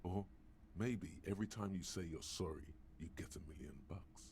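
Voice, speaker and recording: A man voicing the dry, sardonic inner-voice narrator of a detective's mind in a video game, with a deep, gravelly voice. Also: moderate pace, darkish tone, a little hiss or hum, close to an everyday voice. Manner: dry, mocking asides. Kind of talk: game voice acting.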